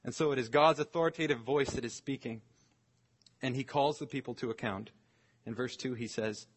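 Husky-voiced man preaching a sermon. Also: medium pitch. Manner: earnest, deliberate, slows to stress scripture phrases. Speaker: pastor. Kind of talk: expository sermon.

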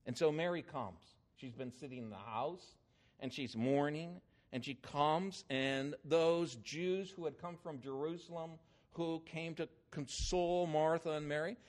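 Older male preacher, somewhat high voice, animated storytelling sermon delivery. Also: unhurried. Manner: animated, emphatic storytelling with swings in loudness.

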